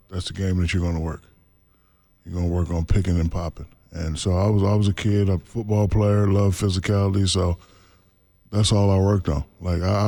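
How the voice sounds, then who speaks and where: A man in his forties, a former basketball center, telling stories in a relaxed interview and laughing often. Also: low voice. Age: 40s. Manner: laid-back, laughs often, acts out quotes. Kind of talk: casual storytelling interview.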